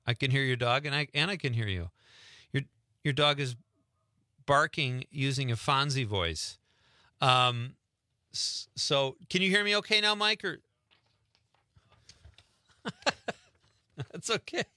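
A man's voice: mid-range voice, expressive, a little slow, pauses often, bright, forceful tone, no room sound, studio quality. A man hosting a radio show in casual chat, talking loosely and laughing easily. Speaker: radio host.

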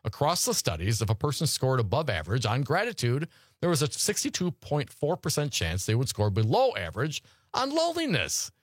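A man's voice: mid-range voice, big pitch swings, brisk, dry recording, studio quality. A man hosting a talk radio show, reading news articles aloud and riffing on them casually.

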